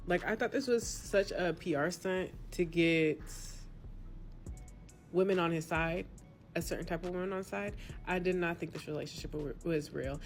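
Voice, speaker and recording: A woman shares her doubts in a relaxed, skeptical tone, her voice sitting slightly low. Faint music plays behind her. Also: moderate pace. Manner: skeptical, easygoing. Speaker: commentator. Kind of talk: casual opinion talk.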